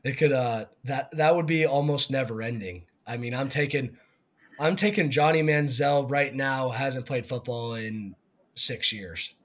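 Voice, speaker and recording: A man co-hosting a sports podcast in casual chat, giving blunt opinions that trail off softly at the ends. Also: mid-range voice, a little slow. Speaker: podcast co-host.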